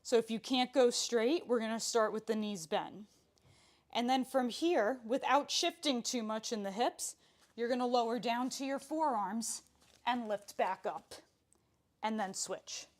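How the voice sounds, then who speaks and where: Young woman, pilates instructor, higher voice, unhurried, chatty, playful, counts reps, a little breathless. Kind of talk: live workout instruction.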